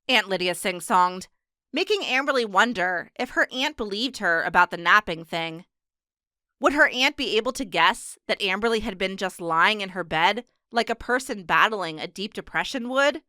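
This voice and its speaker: Woman reading an audiobook, steady and measured, smooth clear voice, dead dry sound. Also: medium pitch, dry recording. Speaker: audiobook narrator. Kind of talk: scripted narration.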